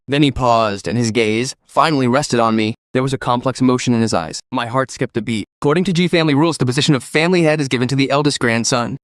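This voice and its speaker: A man's voice: medium pitch, fast, few pauses, no echo. A man narrating a first-person story recap, reading every character's lines in his own voice.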